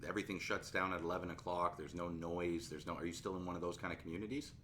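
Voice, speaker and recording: A man hosting a casual podcast chat who keeps jumping in with his own asides and laughs. His voice is fairly low but bright and forceful. Faint steady noise sits under the recording. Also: fast. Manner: chatty, interjects, laughs often. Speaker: podcast host. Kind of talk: casual conversation.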